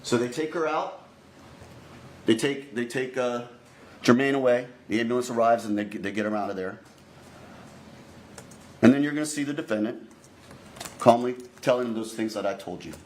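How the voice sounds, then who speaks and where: A male prosecutor delivering a deliberate opening statement to a jury, repeatedly addressing the jurors directly. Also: mid-range voice. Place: courtroom. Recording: echoey courtroom recording, faint noise.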